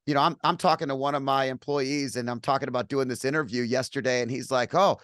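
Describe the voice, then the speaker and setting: A man's voice: medium pitch, steady tone, fast, a bit bright, dry recording, clean studio sound. A man hosting an interview over a video call, talking enthusiastically and casually, with frequent restarts. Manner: enthusiastic, praising, many restarts. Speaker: podcast host.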